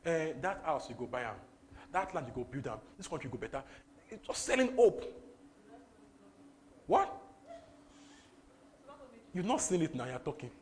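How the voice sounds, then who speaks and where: A young man from Nigeria with a Nigerian English accent, preaching a lively sermon that repeats phrases and slips into pidgin. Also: a little high, moderate pace, pauses often, slight background noise. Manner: animated, repetitive, breaks into laughter and pidgin.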